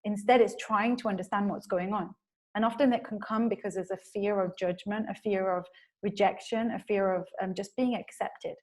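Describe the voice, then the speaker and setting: A woman presents a webinar in a relaxed, conversational way, and her voice sits at a middling pitch. She explains step by step with frequent fillers. She sometimes slips into quick acted voices to show how people react. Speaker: webinar presenter on emotions in business.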